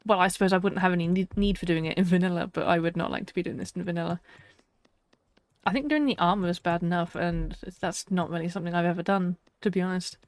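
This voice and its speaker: A woman's voice: lowish voice, fairly even intonation, fast talker, no echo. Chatty woman streamer, dry close mic. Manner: chatty, talks to herself, laughs often. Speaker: streamer playing a survival game. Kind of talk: casual live-stream chat.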